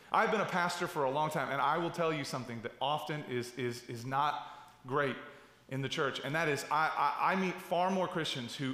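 A man's voice: a little high, fairly bright tone. A middle-aged man, a pastor, preaching a sermon in a conversational way, with restarts, asides and rhetorical questions. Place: large church hall. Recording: echoey church hall.

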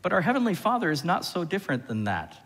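Animated male pastor preaching in a reverberant church. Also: high voice, fast talker. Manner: animated, asks the congregation questions. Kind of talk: sermon. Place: church sanctuary.

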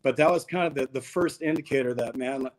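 A man speaks as a podcast guest, with a voice at an ordinary, middle pitch. He tells a long personal story in an easygoing, slangy way, often dropping in "dude.". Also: fairly quick, rough recording. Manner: laid-back, slangy, peppers talk with "dude". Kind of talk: casual storytelling interview.

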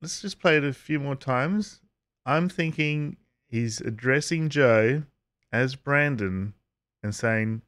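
Man giving a casual, halting commentary. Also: medium pitch, a bit bright. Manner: halting, with frequent uhs and restarts; chuckles while talking. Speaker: YouTube commentator.

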